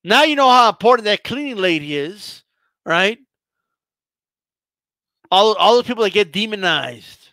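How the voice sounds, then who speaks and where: Host, male, very high and bright voice, profane stammering rant, dry close sound. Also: animated, a little slow, pauses often, no room sound. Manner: heated, profane, stammering restarts. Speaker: boxing channel host.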